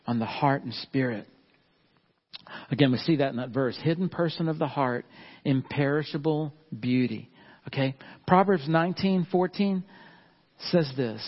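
A middle-aged man preaching a sermon in a folksy way, often turning to the congregation with asides. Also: medium pitch. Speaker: pastor. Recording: dull lo-fi sound.

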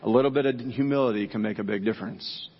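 A man's voice: fairly low pitch, quick pace, breathy edge. A middle-aged man preaching a sermon to his congregation in a casual, joking way, talking straight to the people. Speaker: pastor. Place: church sanctuary. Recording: dull sound with long church reverb.

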